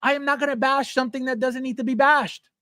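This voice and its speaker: Fast and sharp-toned, the man's extremely high voice holds steady, recorded clean in the studio with no room sound. As a livestream host, he rants casually and bluntly, swearing a lot while reading and replying to chat.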